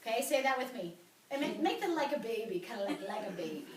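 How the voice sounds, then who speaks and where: Chatty high-voiced woman coaching a room. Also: quick pace, a crowd in the background. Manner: energetic, chatty, blunt. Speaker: wellness coach presenter. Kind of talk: sales presentation to a group. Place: meeting room with an audience. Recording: roomy, from far off.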